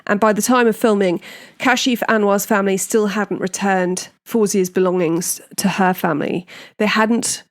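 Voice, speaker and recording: A woman's voice: mid-range voice, steady tone, normal speed, hardly any pauses. Woman doing a true crime podcast, chatty and indignant, lots of opinions. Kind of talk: casual true crime recap.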